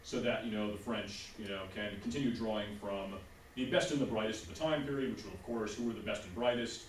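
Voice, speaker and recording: A male teacher delivers a casual history lecture in class, often asking his students "right?" to check in. His lowish voice moves fast, and the roomy, distant classroom recording carries a little hiss or hum.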